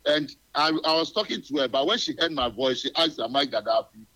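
A man's voice: on the high side, expressive, sharp tone. Caller guy on the radio phone line, cheerful, rambles, lots of uhs. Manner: rambling, cheerful, halting with fillers.

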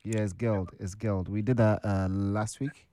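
Ghanaian male radio host running a phone-in quiz, lowish voice, dry close sound. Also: steady tone, moderate pace, mellow, dry recording. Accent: Ghanaian English. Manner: casual, upbeat, chatty with callers.

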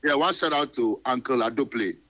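A man's voice: mid-range voice, brisk, a bit bright. A man calling into a radio show, cheerful and rambling with many fillers. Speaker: caller. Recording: phone call on radio.

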